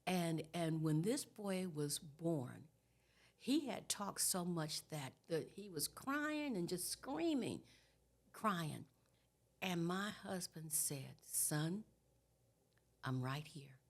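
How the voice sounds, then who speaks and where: A woman in her sixties, a guest trauma educator, explaining in an animated conversational way and checking in with "okay?". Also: on the low side, takes it slowly. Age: 60s. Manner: animated, tags points with "okay?". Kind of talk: conversational teaching.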